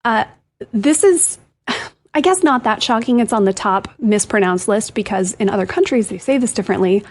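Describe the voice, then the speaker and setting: A woman's voice: mid-range voice, expressive, normal speed. A woman co-hosting a tech show, chatting animatedly and giggling often. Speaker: co-host. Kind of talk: casual chat.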